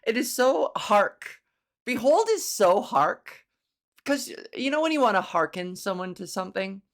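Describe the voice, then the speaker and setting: A woman with a touch of vocal fry hosts her own comedy podcast alone. She rambles playfully from one silly thought to the next and relishes old-fashioned, grandiose words. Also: medium pitch. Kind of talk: casual solo podcast monologue.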